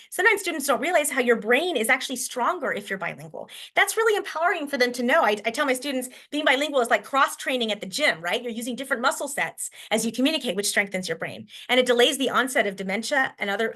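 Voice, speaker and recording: A woman teacher from Washington State presents to fellow educators in a quick, bright voice pitched a bit high. She talks in a chatty way, thinking aloud with fillers and restarts. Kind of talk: conference presentation.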